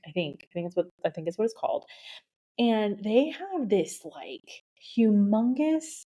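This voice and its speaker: A woman hosting her own podcast, talking alone to her listeners in an excited, gushing way with lots of fillers, a bit out of breath. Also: medium pitch. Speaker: podcast host, beauty industry coach. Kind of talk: solo podcast monologue. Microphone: podcast microphone.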